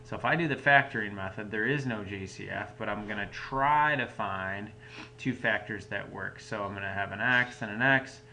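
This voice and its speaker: A man's voice: lowish voice, moderate pace, background noise. A man teaching a recorded math lesson at home, explaining each step patiently in a casual way. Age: adult parent.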